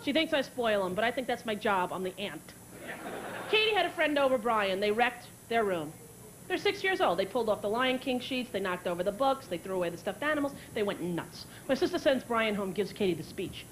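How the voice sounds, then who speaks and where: Wry high-voiced woman comic. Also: sing-song, a little fast, a little hiss or hum, rough recording. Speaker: stand-up comedian. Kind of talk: stand-up comedy. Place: comedy club stage. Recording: comedy club with loud crowd laughter.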